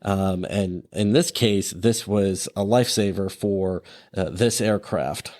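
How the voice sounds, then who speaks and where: A man hosting a podcast, his voice sitting a little low. He narrates in a relaxed, conversational way, adding fillers and side remarks as he goes. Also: slow pace. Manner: casual, with fillers and asides. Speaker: podcast host.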